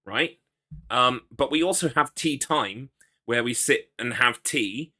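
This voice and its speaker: Bright-voiced man chatting on stream. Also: mid-range voice, takes it slowly. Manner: rambling, self-deprecating, reads chat aloud. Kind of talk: casual live-stream chat.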